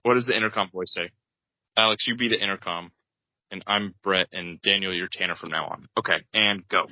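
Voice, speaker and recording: A man co-hosting a podcast, narrating an improvised comedic table read in a rambling, halting way. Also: deep voice, fairly even intonation, no echo. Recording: dull, lo-fi, dry podcast mic.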